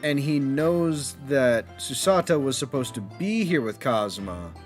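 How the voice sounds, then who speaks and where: A man's voice: mid-range voice, animated, a little slow, faint music behind. A man casually commenting while playing through a story game, chatty and self-deprecating. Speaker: let's play streamer.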